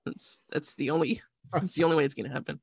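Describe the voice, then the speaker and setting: A man in his twenties co-hosting a podcast, animated and joking, swearing freely. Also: a little high, quick pace, vocal fry, breathy edge, no echo. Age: 20s. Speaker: podcast co-host. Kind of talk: casual podcast banter.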